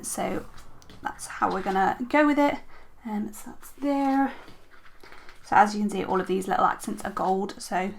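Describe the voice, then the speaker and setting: Young woman, casual vlogger chat, mid-pitched voice, lots of ums and self-corrections, at a home desk. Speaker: planner vlogger. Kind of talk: casual show-and-tell chat.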